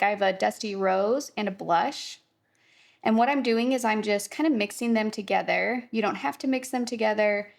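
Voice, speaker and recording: Young woman art teacher, chatty and chill, lots of vocal fry. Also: medium pitch. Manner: chatty, upbeat, reassuring, lots of fillers like "kinda". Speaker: watercolor painting teacher. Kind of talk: casual instructional painting tutorial.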